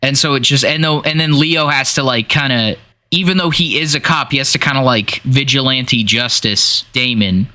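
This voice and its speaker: Animated swearing podcast guy. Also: mid-range voice, normal speed. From Washington State. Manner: animated, swears freely, acts out scenes. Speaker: podcast co-host. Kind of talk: casual podcast chat.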